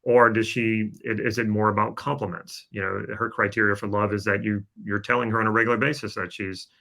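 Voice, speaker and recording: A man's voice: on the low side, level tone, fairly quick, gravelly, sharp tone. A man co-hosting a podcast, explaining with a coaching tone and frequent fillers. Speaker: podcast co-host. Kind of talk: casual podcast chat.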